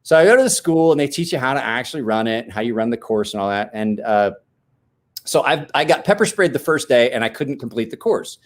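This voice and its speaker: Animated man telling stories. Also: brisk. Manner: animated storyteller, acts out quotes with big pitch jumps and laughs. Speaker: host. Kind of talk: casual storytelling chat.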